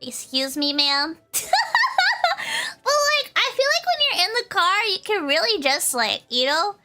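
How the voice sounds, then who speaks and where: A woman's voice: extremely high pitch, measured pace, faint music behind. A young adult woman streaming a casual chat, reading viewer comments and often breaking into giggles. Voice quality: giggly, bubbly. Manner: animated, playful, often breaking into laughter.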